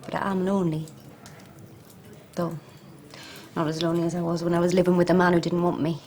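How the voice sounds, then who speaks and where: Actress as a lonely mother, lowish voice, quietly prying. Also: flat delivery, brisk, close to an everyday voice. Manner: gentle, probing questions.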